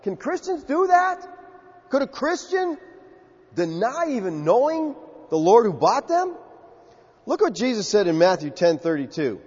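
A man's voice: extremely high pitch, sing-song, measured pace, long pauses, darkish tone, breathy edge. A man with a Southern US accent preaching a sermon, emphatic and acting out quotes in character. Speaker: pastor. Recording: muffled, echoey hall.

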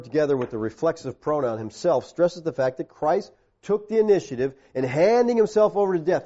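A man preaching a sermon, his voice sitting a little high but sounding mellow and warm. He calls out directly to the men listening and swings between hushed, low stretches and emphatic peaks. The recording is dull and lo-fi. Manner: direct, addresses the men in the congregation. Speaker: pastor.

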